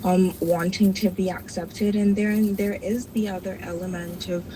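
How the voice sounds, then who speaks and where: A woman's voice: mid-range voice, fairly even intonation, moderate pace, dark tone. Young woman caller, twenties, reflective, hesitant, noisy call-in line. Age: 20s. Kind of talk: call-in conversation.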